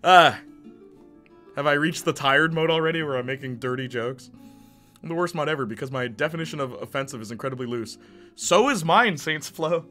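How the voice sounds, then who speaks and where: Bright-voiced jokey male streamer. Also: a little high, fairly quick, soft background music. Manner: jokey, laughs often, talks to chat. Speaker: live streamer. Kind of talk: casual live-stream chat.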